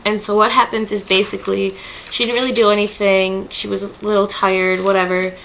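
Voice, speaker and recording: A woman's voice: medium pitch, little pitch movement, brisk, creaky, bright, forceful tone, a little hiss or hum, low-quality recording. A teenage girl recapping book chapters in a casual vlog, gushing and emotional, with groaning sighs. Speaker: book club vlogger.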